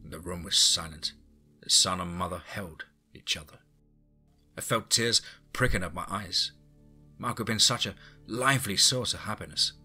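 A man narrating a horror story in a steady, even storytelling manner. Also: low-pitched, moderate pace, breathy edge. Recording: faint music bed.

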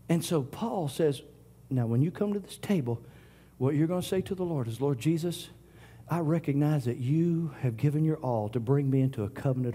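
A middle-aged man, preaching to his congregation. His voice sits a bit high but sounds dark, mellow and husky. He swings between raised proclamations and soft, breathy whispers. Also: moderate pace. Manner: preaching, shifts from loud declarations to hushed whispers. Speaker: pastor. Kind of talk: sermon.

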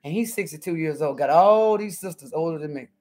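A woman's voice: deep voice, brisk, a little mellow, rough recording. Sassy, blunt Southern woman, middle-aged. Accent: Southern American. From southern United States. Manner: sassy, blunt, lots of cussing. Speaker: YouTuber. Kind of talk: casual live-stream chat. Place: home kitchen, cooking.

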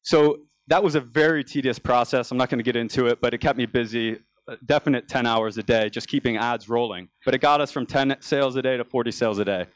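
A man's voice: medium pitch, quick pace, dry recording. A young American man giving a business talk on a conference stage, telling his story casually with frequent restarts. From United States. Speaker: conference speaker.

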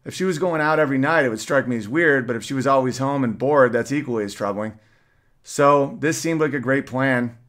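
A man's voice: medium pitch, fairly bright tone. A man hosting his podcast, reading his memoir aloud as a story, breaking off now and then with wry side remarks. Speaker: podcast host.

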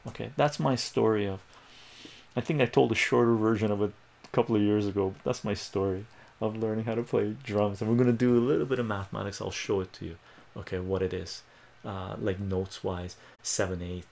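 A man's voice: fairly low pitch, brisk, creaky. A middle-aged man, a streaming math tutor, telling a story in casual, rambling livestream chat with frequent laughs. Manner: rambling, animated, laughs often, acts out quoted voices.

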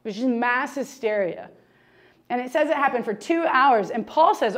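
A woman's voice: on the high side, animated, moderate pace, a bit bright. A woman teaching a humorous, chatty Bible lesson, joking and laughing often.

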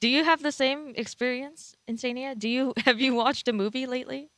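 A woman's voice: high-pitched, fairly even intonation, a little fast, fairly bright tone, no room sound. A woman hosting a live esports analysis panel in an upbeat, giggly way, steering the panel with questions. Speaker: esports desk host.

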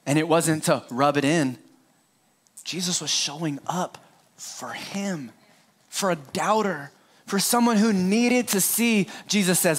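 Man, middle-aged pastor, high voice, playful, joking asides, Easter sermon. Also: slow. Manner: playful, joking asides, talks straight to the congregation.

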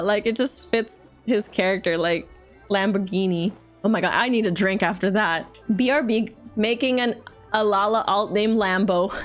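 A young woman streamer, reading a story aloud and then chatting casually and animatedly with her viewers. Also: mid-range voice. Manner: animated, giggly, chatty with chat.

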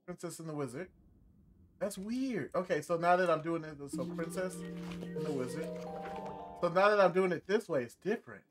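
A man's voice: a little high, lively intonation, normal speed, long pauses. A man streaming a horror game, reacting nervously, swearing and talking back to the characters. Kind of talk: casual live gameplay commentary. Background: game music.

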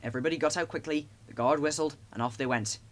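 A man narrating a children's storybook with a lively, expressive reading. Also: fairly high pitch, fast talker.

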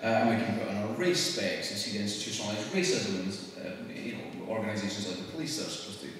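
A man with a Scottish accent giving a public talk to an audience, conversational and wry, with quick laughs. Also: on the low side, a bit bright, a little hiss or hum. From Scotland. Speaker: speaker at a public event. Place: church hall. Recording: echoey hall recorded from far off.

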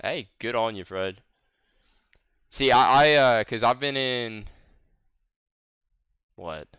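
A man's voice: medium pitch, takes it slowly, a bit bright, clear, resonant tone, no room sound, clean studio sound. A man in his twenties with a Southern American accent, streaming and chatting casually with friends, rambling, swearing and laughing often. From Southern United States. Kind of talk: casual gaming voice chat.

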